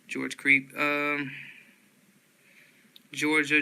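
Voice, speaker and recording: A man slowly reading dictionary headwords aloud in a flat monotone, often restarting words. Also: medium pitch, clear, resonant tone, low-quality recording.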